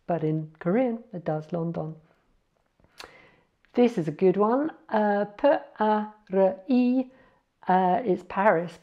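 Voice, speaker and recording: A woman with a mid-range voice teaches foreign words informally, slowly spelling them out and revising as she talks. The recording is muffled.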